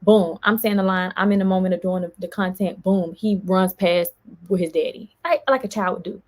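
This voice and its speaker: A woman vlogger, venting in an animated storytime and quoting others as she goes. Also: fairly low pitch, a little fast. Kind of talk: casual storytime vlog.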